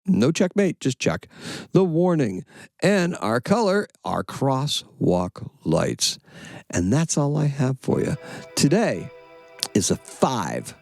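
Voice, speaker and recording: Animated gravelly-voiced man hosting astrology talk. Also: mid-range voice, slow pace, no room sound, faint music behind. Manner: animated, rambling, self-correcting, playful asides. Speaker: astrology channel host. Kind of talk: casual solo astrology report.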